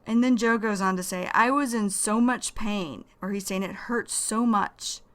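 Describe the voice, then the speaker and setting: A woman teaching English vocabulary in a slow, careful lesson, repeating each key phrase. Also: mid-range voice, fairly bright tone.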